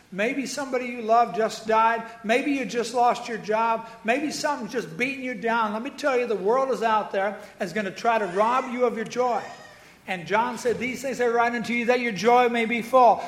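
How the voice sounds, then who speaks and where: A man's voice: extremely high pitch, a bit bright, roomy sound. A man preaching a sermon, folksy and joking, with asides to members of the congregation. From Iowa. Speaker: pastor.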